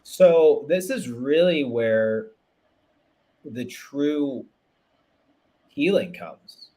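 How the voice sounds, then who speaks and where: In a casual, conversational interview, a man speaks as a relationship coach, earnest and reflective, often restarting sentences and saying "you know." His medium-pitched voice is mellow and animated, with drawn-out words.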